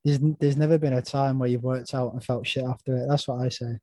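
Man, podcast host, warm low timbre, dry close sound, thoughtful. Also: fairly even intonation, fast, dry recording. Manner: thoughtful, asks open questions. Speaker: podcast host, personal trainer. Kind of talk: casual chat.

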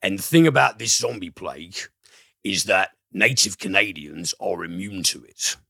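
A man's voice: low-pitched, lively intonation, normal speed, creaky, pushed and bright, no room sound, studio quality. A man hosting a casual film review podcast, enthusiastic, rambling and profane.

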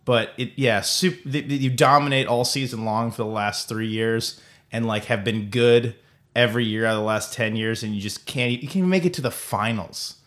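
A man's voice: mid-range voice, normal speed, a bit bright. A man co-hosting a casual sports podcast, talking in a rambling way with lots of stumbling restarts. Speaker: podcast co-host.

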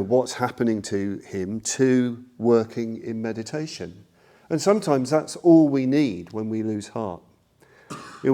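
Warm-voiced older man giving a Dharma talk. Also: medium pitch. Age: 60s. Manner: rambling, self-deprecating, many fillers. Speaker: Buddhist teacher.

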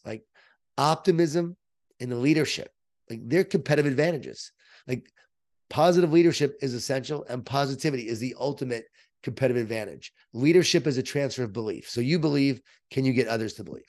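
A middle-aged man, an author being interviewed, telling stories in an energetic, emphatic motivational way. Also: mid-range voice. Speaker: author and guest. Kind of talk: interview, storytelling.

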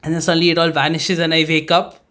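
A man with a notably high voice co-hosts a laid-back podcast chat. He tells his stories in a loose, rambling way, full of restarts, casual swearing and frequent laughter. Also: monotone, quick pace, fairly bright tone. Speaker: podcast co-host.

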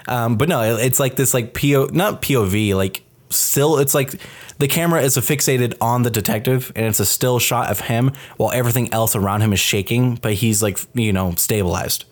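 Animated, swearing podcast host. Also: male voice, medium pitch, fairly quick. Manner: animated, profane storytelling with many fillers. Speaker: podcast host reviewing a film. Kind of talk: casual chat.

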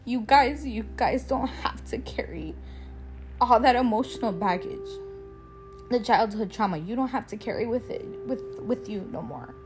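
A woman's voice: on the high side, normal speed, over music. A young woman hosting a podcast, talking about her own life in a candid, emotional way, swearing freely and laughing now and then. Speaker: podcast host. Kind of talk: casual personal monologue.

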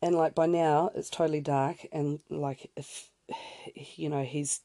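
A woman's voice: low voice, steady tone, a little slow, dark tone, no room sound, studio quality. A young woman telling a story in a casual podcast, chatty and full of fillers and sidetracking asides. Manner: chatty, lots of fillers, self-interrupting asides. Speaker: podcast host.

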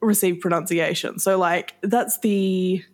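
A woman's voice: lowish voice, fairly even intonation, measured pace, darkish tone. Chatty, teasing woman co-host. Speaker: podcast co-host. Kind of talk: casual chat.

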